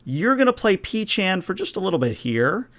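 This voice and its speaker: A man's voice: high voice, big pitch swings, normal speed, a bit bright. Casual, rambling male game master. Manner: casual, rambling, many fillers. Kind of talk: narrating a tabletop game.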